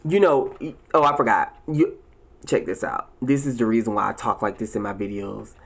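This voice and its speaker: Male vlogger, profane and preachy rant, emphatic, with shrill high-pitched outbursts. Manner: leaps into high, shrill exclamations. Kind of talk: casual ranting monologue to viewers.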